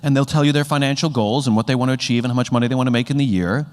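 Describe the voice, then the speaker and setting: A man of ordinary pitch giving a keynote to a live audience in a large hall, the long reverb trailing each phrase. He talks in a loose, conversational way and livens up when he acts out bits of dialogue. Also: rapid-fire. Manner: conversational, acts out quoted dialogue with rising animation. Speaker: speaker on leadership.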